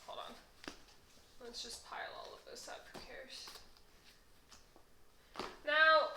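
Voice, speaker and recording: A woman's voice: a little high, pushed and bright, slight background noise, low-quality recording. A young woman chatting casually in a decluttering vlog, laughing often and a little out of breath. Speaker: vlogger.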